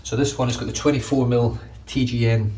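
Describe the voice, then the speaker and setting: A man's voice: mid-range voice, fairly even intonation, brisk, warm tone, distant mic, a little hiss or hum. A middle-aged Scottish man with a Glaswegian accent, chatting casually and swearing freely as he reviews shaving gear in his bathroom. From Scotland. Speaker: shaving vlogger. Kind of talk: casual chat. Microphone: phone camera.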